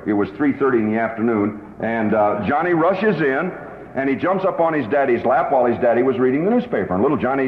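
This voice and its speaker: A male sales trainer lectures emphatically at a seminar in a hall, weaving in anecdotes as an emphatic storyteller. His voice is mid-range, and the recording sounds roomy, like dull lo-fi tape.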